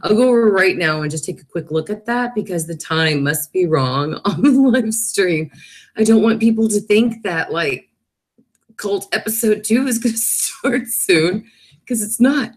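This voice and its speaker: A woman's voice: medium pitch, animated, unhurried. A woman in her thirties hosting a casual live stream, chatting, reading viewer comments aloud and laughing often.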